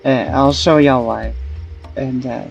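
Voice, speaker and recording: Lady streamer chatting slow over a game, voice jumps around, dull lo-fi audio. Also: very deep voice, fairly even intonation, vocal fry, soft background music. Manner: laughs loudly and shrieks in disbelief. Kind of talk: casual game commentary.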